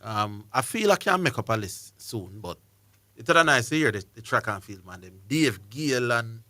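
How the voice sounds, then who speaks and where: A man's voice: mid-range voice, very animated, moderate pace, bright, forceful tone, dry recording. A man with a Jamaican accent hosting sports radio, chatty and jokey as he invites callers. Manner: jokey, chatty, reads out phone numbers.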